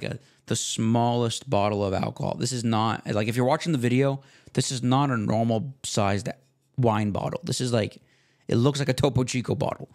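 A young man hosting his own podcast, talking casually in a rambling, self-deprecating way with slang and restarts, relaxed after smoking. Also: mid-range voice. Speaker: podcast host. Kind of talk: casual solo podcast monologue.

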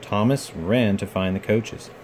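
Low-voiced man reading a children's book. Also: a little slow, a little mellow, slight background noise. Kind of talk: reading a picture book aloud.

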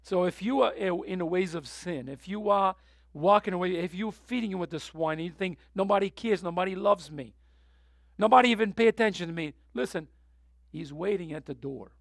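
High gravelly preacher guy, gets fired up then goes quiet, dry close sound. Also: a little fast, no room sound. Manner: impassioned, swings from soft to loud; emotional, near tears. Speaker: pastor. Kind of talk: sermon.

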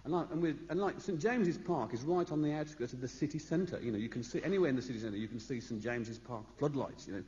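Talking fast with few pauses, this Birmingham-born comedian spins rambling live stories from a big concert hall stage, chatting to the crowd between bits. His medium-pitched voice is expressive and a little mellow, and laughter rings through the echoey lo-fi recording.

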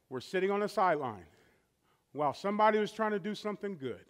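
A man preaching a sermon as pastor, rising to drawn-out shouted repetitions and dropping to slow, quiet stretches. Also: sits high, lively intonation.

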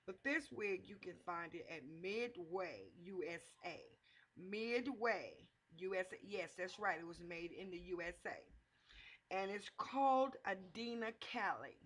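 A woman's voice: on the low side, a bit bright. A middle-aged woman hosting a playful, joking wig tutorial, talking sassily to her viewers. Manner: sassy, joking, addresses viewers as y'all and baby. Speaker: vlogger's mother doing a wig tutorial.

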